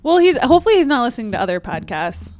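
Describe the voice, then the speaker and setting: A woman's voice: on the high side, big pitch swings, very fast, a little mellow. A woman co-hosting a podcast, reading out listener tweets in a casual, easygoing way with lots of "um"s. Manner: easygoing, starts lines with "um", laughs readily. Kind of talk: casual chat.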